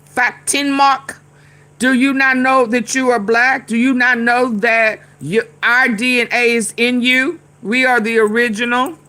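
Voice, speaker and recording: A fiery woman talks slowly over news clips. Her voice is bright and forceful. She repeats herself and fires questions straight at her chat. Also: high-pitched. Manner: heated, repetitive, talks back to chat. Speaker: commentary host.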